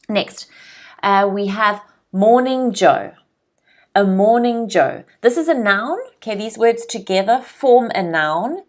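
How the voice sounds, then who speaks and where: A woman from South Africa teaching English vocabulary, drilling pronunciation and checking in with learners. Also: fairly high pitch. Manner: slow, clear pronunciation drills with frequent check-ins. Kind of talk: vocabulary lesson.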